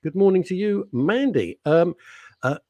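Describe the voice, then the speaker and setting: A man's voice: high-pitched, expressive, a little slow, darkish tone, no room sound, dull audio. A man hosting a radio show, chatting in a rambling, jokey, self-mocking way. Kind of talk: casual chat. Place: radio studio.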